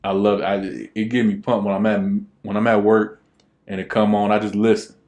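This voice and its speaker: Laid-back low-voiced man rambling. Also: flat delivery, a little fast, darkish tone. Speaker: podcast co-host. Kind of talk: casual chat.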